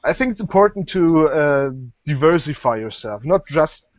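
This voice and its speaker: A man's voice: on the high side, lively intonation, normal speed, no echo. Hesitant young man, dull call audio. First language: German. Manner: hesitant, many fillers and restarts. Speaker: guest author. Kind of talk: casual online interview. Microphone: video call.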